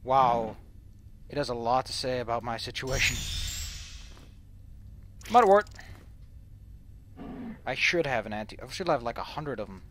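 A man's voice: medium pitch, a little fast, fairly bright tone, slight background noise. A man from the Netherlands, rambling and swearing goofily as he comments on his gameplay. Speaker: let's play host.

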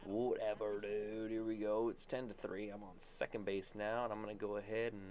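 A man with a fairly low voice calls his own baseball video game as he plays, keeping up a running commentary. He is excitable and jokey, throwing out playful trash talk between plays. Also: moderate pace. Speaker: gaming YouTuber. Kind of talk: live gameplay commentary.

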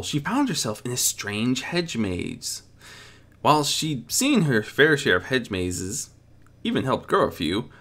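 A man narrating a dramatic reading of a story in an expressive, animated way. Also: medium pitch. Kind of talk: dramatic fan fiction reading.

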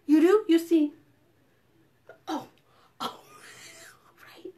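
A young woman librarian reading a picture book aloud at preschool storytime, talking to the children with gasps, whispers and sudden bursts of excitement. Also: very high voice, drawn-out words, long pauses. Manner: animated, gasping and whispering to draw children in.

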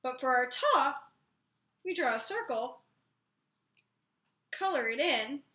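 Bright, lively woman teaching children music. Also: high-pitched, roomy sound. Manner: slow, clear, encouraging teacher talk to young children.

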